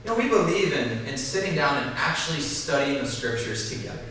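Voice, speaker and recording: A man preaching a sermon at a church service, animated, acting out the voices of people in the story. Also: mid-range voice, a little fast, distant mic, slight background noise. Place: church service in a large hall. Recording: echoey hall, mic from afar.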